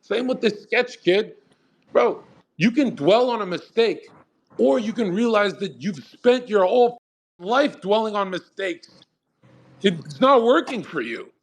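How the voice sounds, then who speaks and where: A man's voice: high-pitched, expressive, unhurried. A man hosting a live audio chat, giving blunt, profane pep talks and arguing with callers. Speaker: host. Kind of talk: motivational talk on a live audio room.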